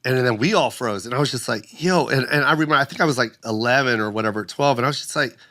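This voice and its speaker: A man's voice: mid-range voice, rapid-fire, bright, forceful tone. A middle-aged man from the United States tells an emotional story in casual chat, swearing often and acting out his mother's voice. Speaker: comedian guest.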